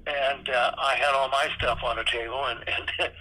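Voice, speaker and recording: A man's voice: mid-range voice, fairly even intonation, moderate pace, bright, forceful tone, slight background noise, low-quality recording. A man in his eighties, a guest on a podcast interview, candidly telling salty stories and acting out old conversations. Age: 80s. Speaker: podcast guest, retired theme park designer. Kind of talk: anecdotal storytelling in an interview.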